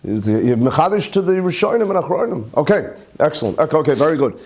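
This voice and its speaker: A man, a rabbi, teaching a lively Torah class to a live audience, firing off rhetorical questions and Hebrew terms. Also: a little high, fast talker.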